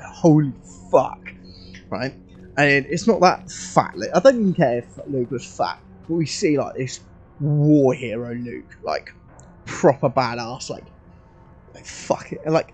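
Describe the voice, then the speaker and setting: A man streaming casually, rambling excitedly with lots of fillers and swearing as he thinks aloud. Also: medium pitch, slightly rough.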